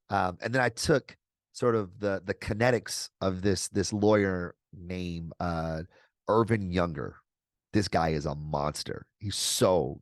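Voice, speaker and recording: A man's voice: fairly low pitch, no room sound, clean studio sound. A man being interviewed as a guest author over a video call, speaking energetically and articulately with casual slang. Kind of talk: conversational interview answers.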